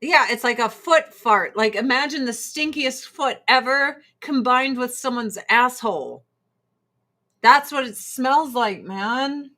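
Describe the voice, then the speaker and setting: A middle-aged woman hosting a show, chatting casually in an animated, profane, rambling way. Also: on the high side, takes it slowly. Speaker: host. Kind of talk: casual chat.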